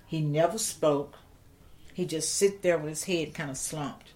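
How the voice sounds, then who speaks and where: An older woman, telling a personal story in an interview, slow and reflective with halting restarts. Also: low-pitched, darkish tone.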